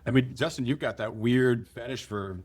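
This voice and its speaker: A man co-hosting a podcast, telling stories quickly and vividly with some laughter. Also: mid-range voice, darkish tone, husky. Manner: fast, vivid storytelling with laughs. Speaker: podcast co-host. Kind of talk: casual chat.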